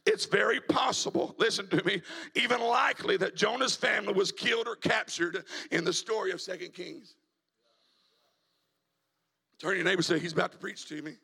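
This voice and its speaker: Raspy, high-voiced preacher swinging to shouts. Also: male voice, moderate pace, long pauses. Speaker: evangelist preacher. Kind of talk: sermon. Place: church sanctuary.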